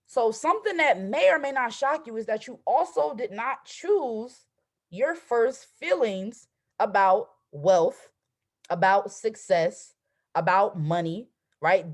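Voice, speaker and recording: A woman in her twenties, a trading coach hosting a motivational live stream over a video call, talking emphatically and asking "right?" at every turn. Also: fairly high pitch. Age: 20s.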